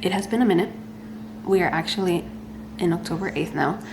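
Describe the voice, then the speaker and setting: Young woman vlogger, lowish register, chatty and excitable, fillers throughout. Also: brisk, noisy background. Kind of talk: casual pregnancy vlog.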